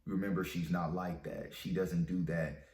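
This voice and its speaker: A man's voice: low-pitched, fairly even intonation, moderate pace, darkish tone. A man telling a breakup story and giving dating advice in a casual, slangy, profane way. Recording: roomy echo.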